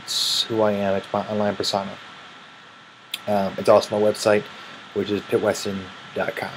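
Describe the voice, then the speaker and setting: A man's voice: on the low side, moderate pace, slight background noise, poor audio. Tired, rambling Midwestern man. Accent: Midwestern American. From Illinois, raised in Missouri. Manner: relaxed, rambling, yawning between words. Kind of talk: casual vlog, answering questions.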